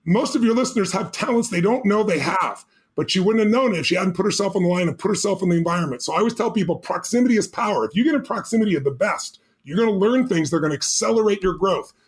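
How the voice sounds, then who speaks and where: A middle-aged man telling a motivational story as a podcast guest, energetic, emphatic and urgent. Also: high voice, fast talker, hardly any pauses.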